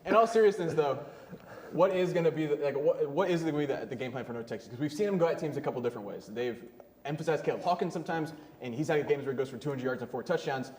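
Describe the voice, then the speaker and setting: Fast-talking, teasing young man, echoey room. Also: on the high side, a little mellow, slight background noise. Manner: teasing, brash, leads with questions. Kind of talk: casual sports panel chat.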